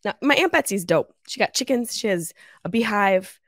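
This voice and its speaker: A woman in her thirties hosting her own podcast with a stuffy nose from a cold, chatting in a lively, swearing, joking way from her mother's house on a travel mic. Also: medium pitch, moderate pace, dry recording, studio quality. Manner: animated, swearing, laughing storyteller. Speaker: podcast host. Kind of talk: casual solo podcast chat. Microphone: travel mic without pop filter.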